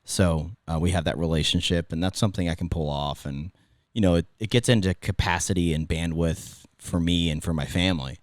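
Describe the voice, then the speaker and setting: A man's voice: sits low, fairly even intonation, brisk, no echo, studio quality. A middle-aged man with a Californian accent, a former radio host telling stories in a casual podcast chat, rambling and restarting his sentences. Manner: rambling, self-interrupting storyteller.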